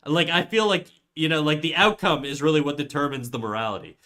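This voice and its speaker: A man's voice: fairly high pitch, brisk, sharp tone. A young man streaming live, chatting casually with his viewers in a rambling, swearing way while stuffed up with a cold. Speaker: livestreamer. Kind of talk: casual livestream chat.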